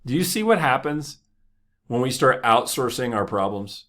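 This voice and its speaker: A man's voice: mid-range voice, lively intonation, moderate pace, a bit bright. A man hosting a motivational podcast, talking casually and joking as he tells stories. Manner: conversational, joking, laughs often. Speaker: podcast host.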